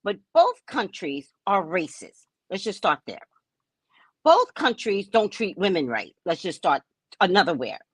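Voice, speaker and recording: A woman hosting a casual live stream, chatting with viewers by name in a lively, talkative way. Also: mid-range voice, a little slow, husky, no room sound. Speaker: psychic live-stream host.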